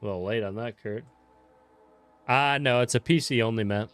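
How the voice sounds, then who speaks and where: A man's voice: medium pitch, moderate pace, fairly bright tone, smooth, no room sound. Laid-back young man streaming a farm game. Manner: laid-back, swears casually, greets viewers by name. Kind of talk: casual live-stream chat while playing.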